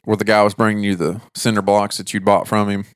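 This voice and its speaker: A man's voice: fairly low pitch, level tone, brisk, smooth, dry recording, studio quality. Drawling man telling a story. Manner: drawling storyteller acting out both sides of a phone call. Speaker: podcast co-host. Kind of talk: casual storytelling chat.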